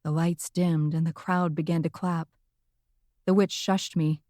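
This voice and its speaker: A woman's voice: sits low, flat delivery, unhurried, mellow, no echo, clean studio sound. Wry woman audiobook narrator. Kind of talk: first-person audiobook narration.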